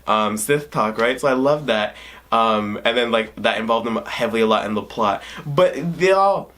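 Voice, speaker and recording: A man's voice: mid-range voice, a bit bright. Gushing young man rambling through a review. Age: 20s. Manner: gushing, rambling, restarts, jumps between points; emotional, near tears at times. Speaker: vlogger. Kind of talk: excited spoiler movie review.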